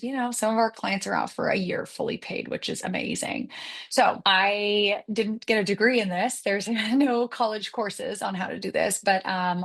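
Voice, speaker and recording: A woman in her thirties, a guest in an interview, telling her story in a lively, conversational way and acting out the dialogue she quotes. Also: medium pitch. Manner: animated, acts out quoted dialogue. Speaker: guest, maternity leave consultant.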